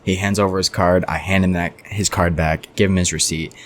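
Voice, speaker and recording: A man's voice: low-pitched, fairly even intonation, fairly quick, fairly bright tone, a little hiss or hum. A young man telling a storytime vlog in a casual, profane, rambling way that keeps drifting onto tangents. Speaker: storytime vlogger.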